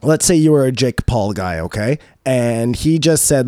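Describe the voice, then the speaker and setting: A man's voice: medium pitch, expressive, moderate pace, few pauses, dark tone, no echo, clean studio sound. A man in his thirties co-hosting a podcast, talking casually and rambling through his points with restarts. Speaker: podcast co-host. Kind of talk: casual chat.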